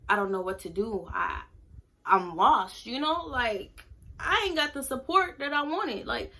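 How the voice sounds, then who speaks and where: A woman's voice: a little high, animated, measured pace, sharp tone. A young woman in a casual storytime vlog, talking candidly with lots of fillers. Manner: candid, conversational, many fillers. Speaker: vlogger.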